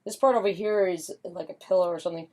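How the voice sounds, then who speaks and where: A woman's voice: on the low side, fairly even intonation, fast talker, warm tone. Chatty upbeat woman teaching painting. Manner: chatty and upbeat, with frequent fillers and hummed doo-doo sounds. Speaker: pet portrait artist and painting instructor. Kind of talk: casual painting demonstration.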